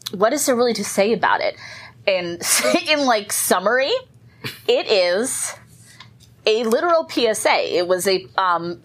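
Chatty, excitable woman podcast co-host. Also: on the low side. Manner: chatty, excitable, laughs often. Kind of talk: casual chat.

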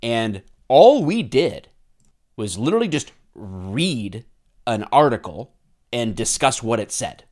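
A man in his thirties co-hosts a loose podcast chat at an ordinary, mid-range pitch. He jokes and rambles, often laughing at his own lines. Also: very animated, slow pace, darkish tone. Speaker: podcast co-host.

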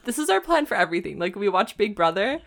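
A young woman trades raunchy jokes with her co-host and laughs often. Her pitch swings widely as she tells stories in a loose, casual chat. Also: fast talker, creaky. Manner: giggly, crude, animated storytelling. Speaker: podcast co-host.

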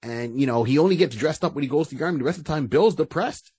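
A man co-hosting a casual podcast, animated and breaking into quoted voices as he talks. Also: fairly high pitch, fast, slightly rough, no echo. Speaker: podcast co-host. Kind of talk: casual chat.

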